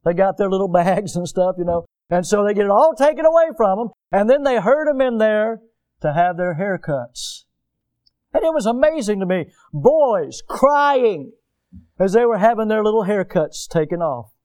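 A male preacher delivering a sermon, with animated storytelling in which he acts out the people he describes. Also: high-pitched, moderate pace.

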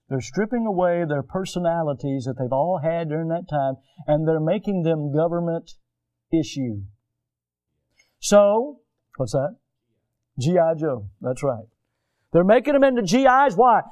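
A male preacher delivering a sermon, with animated storytelling in which he acts out the people he describes. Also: sits high.

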